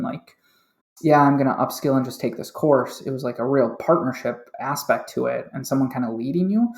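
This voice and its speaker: A sales manager appears as a guest on a podcast, chatting candidly and laughing easily as he describes his career change in a casual interview. His medium-pitched voice is a little mellow, and the room sounds reverberant.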